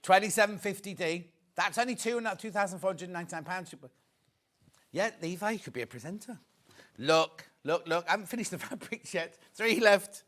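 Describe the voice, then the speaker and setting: A British man presenting on a TV shopping channel, chatty and excitable as he counts down stock and jokes with the crew. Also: high voice, moderate pace. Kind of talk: live TV shopping sales patter. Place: TV studio.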